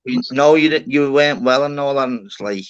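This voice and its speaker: A man hosting a casual live-stream panel. He rambles and swears, with a slightly dull, close and dry sound. His pitch sits in the middle range. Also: fairly quick, clear, resonant tone, no room sound. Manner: rambling, swears a lot, calls people "lad".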